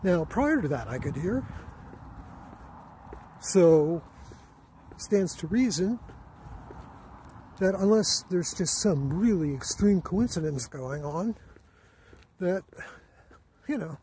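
A man vlogging a personal account in a halting way, with many fillers and restarts and a weary, aggrieved tone. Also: high voice, expressive, warm tone, slight background noise. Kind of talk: casual personal account to camera.

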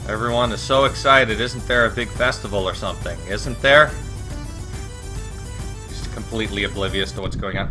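A man casually commenting on a game, reading its lines aloud, swearing and joking with sudden loud outbursts. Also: fairly low pitch, normal speed, faint music behind. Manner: profane, joking, animated outbursts. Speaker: let's play commentator.

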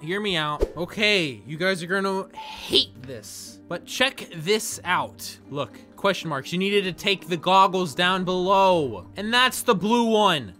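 A young man narrating his own gameplay, excitable and quick to dramatic groans and outbursts. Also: high voice. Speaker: gaming video host. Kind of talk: gameplay commentary.

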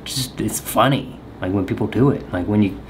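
A man's voice: lowish voice, normal speed, slight background noise. A young man vlogging, rambling and joking straight to the camera in a goofy comedic monologue.

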